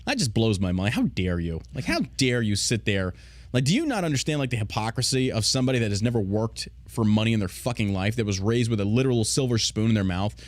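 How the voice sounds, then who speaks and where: A man's voice: on the low side, animated, quick pace, dry recording. A man hosting a podcast, ranting in casual, profane, sarcastic commentary. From United States. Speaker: podcast host.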